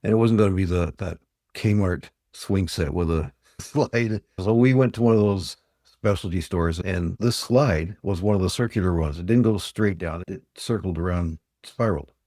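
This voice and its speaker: A man's voice: sits low, normal speed, dark tone, no room sound, studio quality. An older man from Ontario, Canada, a sales trainer telling plain-spoken customer stories as a podcast guest. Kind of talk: storytelling interview talk.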